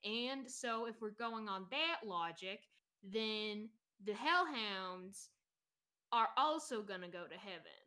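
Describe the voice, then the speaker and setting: A woman's voice: mid-range voice, expressive, takes it slowly. Woman doing a sunny tall drawling adventurer. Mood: earnest, soothing. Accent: put-on American Southern. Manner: soothing, gently preachy. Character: tall, relentlessly cheerful male adventurer. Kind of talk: tabletop role-play.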